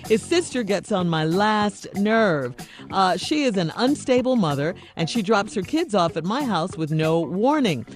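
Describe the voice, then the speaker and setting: Woman reading a letter on the radio. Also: medium pitch. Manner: upbeat announcing, steady reading. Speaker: radio co-host. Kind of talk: reading a listener letter on air.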